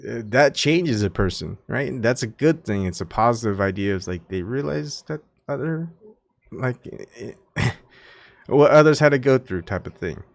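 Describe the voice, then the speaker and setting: A man's voice: medium pitch, expressive, moderate pace, vocal fry, no echo, studio quality. A man from Texas reading an article aloud and commenting on it in a casual, musing way, chuckling between points. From Houston, Texas. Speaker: commentary host.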